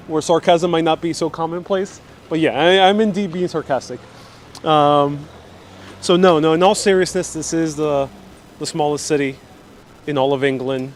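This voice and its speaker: A man's voice: fairly high pitch, a little hiss or hum. A man hosting a live walking-tour vlog on city streets, chatty and joking as he talks straight to his viewers. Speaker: travel vlogger host.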